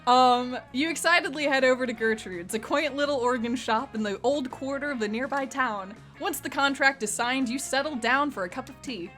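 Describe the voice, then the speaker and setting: A young adult woman streaming a game, chatting and reading the game's narration aloud in an animated way. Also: high-pitched, moderate pace, few pauses, soft background music. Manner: animated, laughing, reads narration. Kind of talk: casual chat and reading game text aloud.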